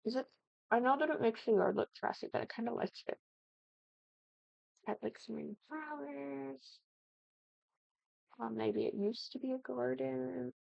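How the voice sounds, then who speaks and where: A young woman from the Midwest chatting animatedly while building a house in a game, with excited exclamations. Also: fairly high pitch, measured pace, creaky, pauses often, dry recording, lo-fi sound. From American Midwest. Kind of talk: casual gaming commentary.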